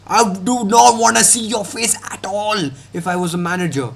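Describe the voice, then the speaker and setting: A man's voice: high-pitched, normal speed, vocal fry. A young man ranting in a heated, mocking, slangy way as he reacts to football.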